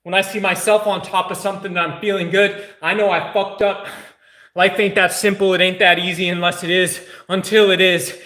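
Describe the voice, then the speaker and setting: A high-voiced man runs a live workout stream, joking and swearing between sets. He slows down to give soothing cues on grip and balance. The sound bounces around an echoey room. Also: little pitch movement, bright, forceful tone. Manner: hyped, joking, profane coaching chatter. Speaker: fitness streamer. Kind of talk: casual live workout chat.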